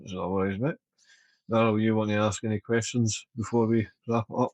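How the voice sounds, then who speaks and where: Flat, very deep Scottish host. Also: male voice, fairly quick, no echo. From Scotland. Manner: easygoing, hesitant with fillers. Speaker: podcast host. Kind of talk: casual podcast interview.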